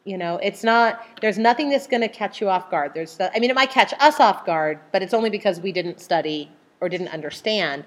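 A middle-aged woman leading a casual group Bible study, animated, full of restarts and acting out voices. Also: a little fast, few pauses. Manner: animated, acts out voices with sudden high outbursts.

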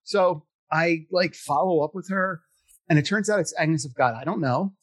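A middle-aged man, appearing as a podcast guest, tells a long story in casual chat, rambling and self-deprecating with many fillers. His voice is a little high and his pace moderate.

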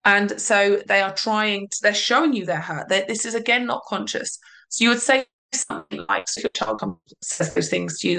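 A woman, a parenting coach giving advice in a podcast interview, explaining calmly with emphatic repeats. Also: medium pitch, normal speed, gravelly.

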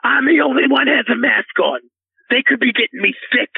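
A man's voice: extremely high pitch, lively intonation, brisk, creaky, slightly rough, dry recording, exaggerated voice. A man playing a frantic, cursing, tearful caller to a radio show, who rambles and stammers. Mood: ranting. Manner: swearing, rambling, stammering, breaking into sobs. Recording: tinny phone line.

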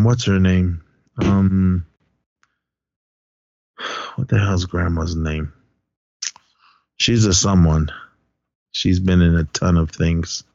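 A man's voice: low voice, darkish tone, no room sound. A man casually recapping movie scenes with a co-host, swearing freely and laughing at the jokes. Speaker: podcast co-host. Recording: dull lo-fi recording.

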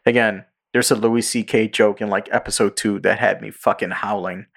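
A man's voice: lowish voice, steady tone, moderate pace, gravelly. A man hosting a casual podcast chat, rambling through retold stories with frequent laughs. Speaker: podcast host.

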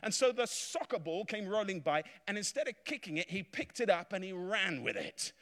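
An English man preaches to a revival crowd in a big church hall, his fairly high voice leaping up and down as he spins jokey stories. He punctuates everything with calls of hallelujah and amen, and the room's long reverb trails behind every line. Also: animated, brisk, a bit bright. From England. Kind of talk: revival sermon.

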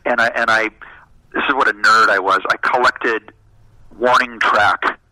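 A man chatting casually, telling stories in an animated, self-deprecating way. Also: on the low side, measured pace, no echo, rough recording. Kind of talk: casual chat.

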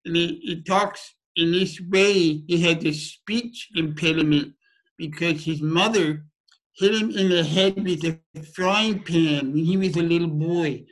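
A man voicing a twelve-year-old boy with a speech impediment, talking in a halting, impeded way. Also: fairly high pitch, fairly bright tone, rough recording.

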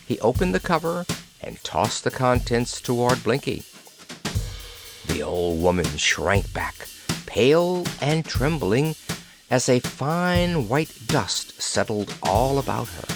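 Male storybook narrator, lively pitch, mid voice, music bed. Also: takes it slowly. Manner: lively, expressive reading. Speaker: audiobook narrator. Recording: with loud background music.

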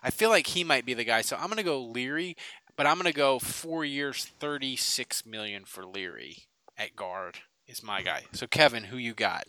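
A man hosting a podcast, chatting casually and joking, with lots of quick restarts. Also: medium pitch. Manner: joking, excitable, many restarts. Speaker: podcast host. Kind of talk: casual chat.

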